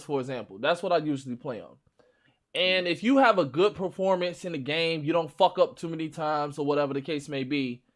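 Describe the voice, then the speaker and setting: High, lively Chicago-accented man talking trash. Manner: loud, profane, boastful trash talk. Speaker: stream host. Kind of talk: casual gaming chat.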